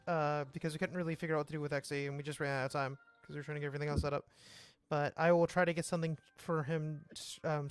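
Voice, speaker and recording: High-voiced rambling young man. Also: a bit bright, clean tone, dry recording. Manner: rambling, full of fillers and restarts. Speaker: streamer, game jam artist. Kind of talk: casual chat with friends on a voice call.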